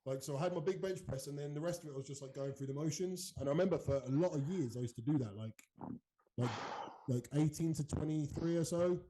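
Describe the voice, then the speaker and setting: A man's voice: on the high side, mellow, slight background noise, rough recording. A man co-hosting a casual podcast, speaking frankly with lots of fillers. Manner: fast, frank, filler-heavy.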